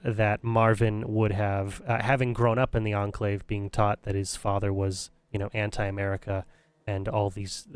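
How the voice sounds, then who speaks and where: Male game streamer, smooth voice, dry close sound, casual and hesitant as he thinks aloud. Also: mid-range voice, no room sound. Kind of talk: casual live-stream commentary.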